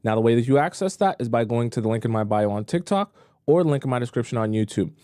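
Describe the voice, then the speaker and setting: Mellow-voiced man hosting a dating-advice stream. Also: mid-range voice, animated, fast talker, no echo, clean studio sound. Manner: emphatic, repeats points for stress. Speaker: dating coach and live-stream host. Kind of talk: casual live-stream advice talk.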